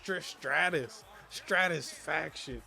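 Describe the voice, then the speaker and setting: A man with a Southern US accent doing casual video game commentary with a co-host, playful and quick to laugh. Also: a little high, vocal fry. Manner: playful, laughs often, talks excitedly in bursts.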